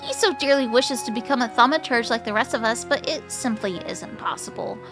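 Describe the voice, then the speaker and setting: A woman's voice: fairly high pitch, fairly quick, over music, natural voice. A woman voicing a pompous, condescending mage in a fantasy game, with grandiose, mannered delivery.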